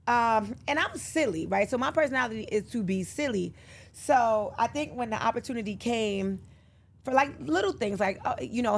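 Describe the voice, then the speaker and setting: A woman's voice: on the high side, fairly quick, gravelly. A woman guest in casual interview chat, who tells stories animatedly and acts out the lines she quotes. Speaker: podcast guest.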